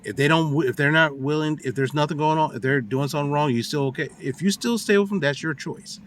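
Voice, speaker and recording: Animated man ranting on his phone. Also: a little high, a little fast, a little hiss or hum. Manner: animated storytelling, acts out quotes, casual slang. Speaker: vlogger giving relationship advice. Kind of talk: casual rant to camera.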